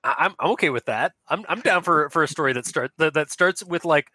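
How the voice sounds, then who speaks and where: Bright, rambling male podcast host. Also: a little high, expressive, brisk, slightly rough, no echo. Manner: rambling, many restarts and laughs. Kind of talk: casual chat.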